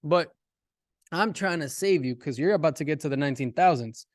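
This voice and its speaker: A man teaching a casual math lesson, animated and talking directly to his students. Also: a little high, fairly quick, no room sound, studio quality.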